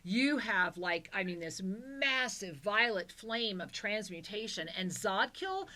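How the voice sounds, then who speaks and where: A woman's voice: medium pitch, animated, slow, pushed and bright. A woman co-hosting a call-in spiritual talk show, speaking in a soothing, affectionate way as she gives a caller a soul reading. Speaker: co-host and spiritual teacher.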